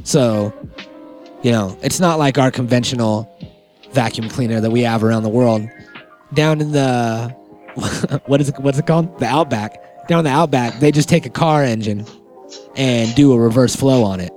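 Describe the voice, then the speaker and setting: A man's voice: mid-range voice, moderate pace, a little mellow. Man co-hosting a podcast, joking, swearing, mid-range voice, faint music behind. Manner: joking, swears a lot, acts out quotes. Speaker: podcast co-host. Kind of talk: casual chat.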